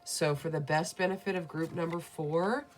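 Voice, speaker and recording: Low-voiced woman giving a tarot reading. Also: steady tone, normal speed, soft background music. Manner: soothing, affirming, speaks to viewers as "beautiful souls". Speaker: tarot reader.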